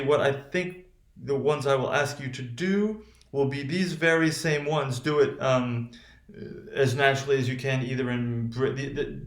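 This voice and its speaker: A male teacher with a General American accent, lecturing on pronunciation, halting, restarting often and checking with "right?". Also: medium pitch, roomy sound. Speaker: phonetics teacher. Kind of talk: recorded remote lecture.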